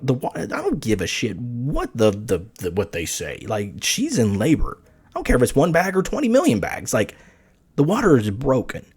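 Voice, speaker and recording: A young man telling a story casually on a podcast, animated, swearing freely and acting out the voices of the people he quotes. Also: mid-range voice. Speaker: podcast host.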